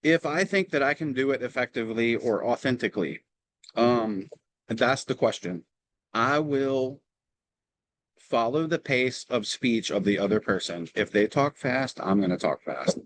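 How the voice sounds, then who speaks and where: A man with a Southern US accent, sharing sales tips in a relaxed, explanatory way at a team meeting over a video call. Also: medium pitch, measured pace, no room sound, poor audio. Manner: relaxed, explanatory, with frequent ums. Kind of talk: casual meeting talk. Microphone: video call microphone.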